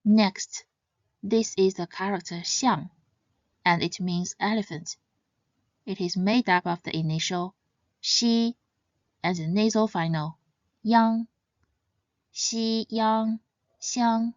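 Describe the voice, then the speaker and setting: Lady reading a pronunciation lesson, slow careful delivery, stresses each sound. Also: lowish voice, steady tone, no echo, dull audio. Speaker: language teacher.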